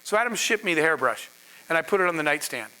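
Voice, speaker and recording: High, bright-voiced man telling a business story. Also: fast, rough recording. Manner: animated storyteller, acts out quoted voices. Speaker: entrepreneur giving a masterclass. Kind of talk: storytelling lecture to an audience.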